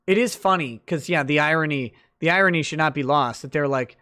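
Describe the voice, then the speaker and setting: A man's voice: a little high, fast, hardly any pauses, bright, forceful tone. A man hosting a late-night livestream, chatting loosely through viewer comments with lots of fillers and restarts.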